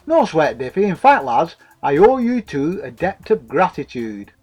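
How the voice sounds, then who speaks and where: A man's voice: on the high side, sing-song, measured pace, a little mellow, slightly rough, faint music behind, exaggerated voice. A man voicing a jovial, wily fat man, chortling and using mock-grand words.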